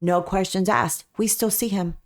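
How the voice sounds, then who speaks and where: A woman's voice: medium pitch, steady tone, normal speed. A woman, a dog breeder, telling a story as a podcast guest in an earnest, emphatic way, often repeating her key points. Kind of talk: conversational storytelling.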